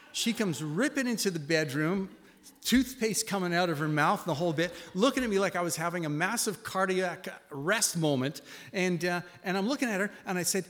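A man in his sixties giving a sermon, telling a personal story and swinging from hushed reflection to loud exclamations. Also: high-pitched, lively intonation, fairly quick. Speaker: pastor. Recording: long reverb of a hall.

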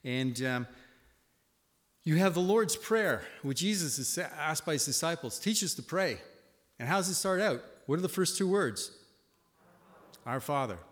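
Preaching older man with a lively voice. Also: a little high, moderate pace. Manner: storytelling, swings from hushed to loud exclamations. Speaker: pastor. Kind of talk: sermon. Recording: long reverb of a hall.

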